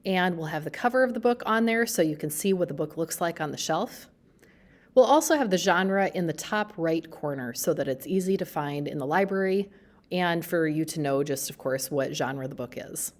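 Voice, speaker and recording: Librarian presenting book talks: low-pitched woman, friendly and explanatory, pauses as she goes. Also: animated.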